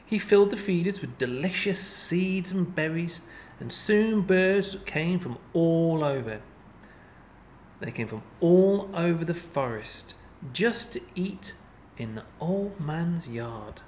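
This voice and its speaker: A man reads a children's storybook aloud, unhurried and fond of drawing out his phrases. His voice sits a touch higher than most men's, and he tells the tale with a playful, expressive lilt. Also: a little hiss or hum. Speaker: storybook reader. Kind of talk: reading a children's picture book aloud.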